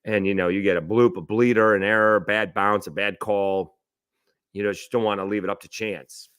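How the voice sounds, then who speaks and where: A man's voice: fairly low pitch, fairly even intonation, a little fast, a bit bright, clear, resonant tone, dry recording, studio quality. A man hosting a solo sports talk show, thinking aloud over stats with fillers, restarts and rhetorical questions. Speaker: sports radio host.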